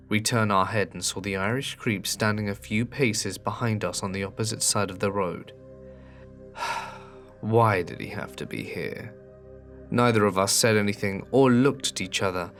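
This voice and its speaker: A man with a lowish voice reads a horror story aloud in a measured, scripted delivery. He slows down at the tense beats. Soft music plays faintly underneath.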